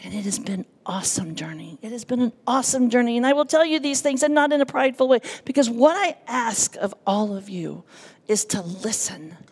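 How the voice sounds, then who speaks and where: A nervous woman giving a personal testimony to a congregation, animated and self-deprecating, acting out the voices in her story. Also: on the high side, brisk. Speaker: church speaker giving testimony.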